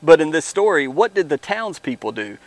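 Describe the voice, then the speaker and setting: A man giving an informal devotional talk, earnest and animated, speaking straight to his viewers from outdoors in his lawn. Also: fairly high pitch, moderate pace. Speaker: devotional vlogger.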